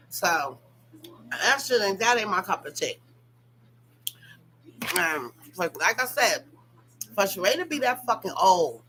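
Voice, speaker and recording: A woman's voice: medium pitch, bright, forceful tone, a little hiss or hum, rough recording. A woman giving blunt, profane casual gossip commentary on a reality TV show, talking straight to her viewers.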